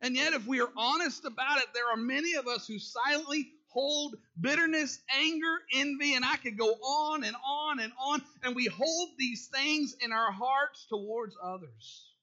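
High, bright-voiced pastor. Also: male voice, normal speed, few pauses, muffled recording. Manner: folksy, asks the congregation questions, laughs at his own jokes. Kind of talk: sermon.

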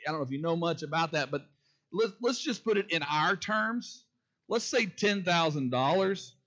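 A male pastor preaching with a high, bright voice, repeating his key phrases and calling questions out to the congregation. The recording sounds dull and lo-fi. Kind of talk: sermon.

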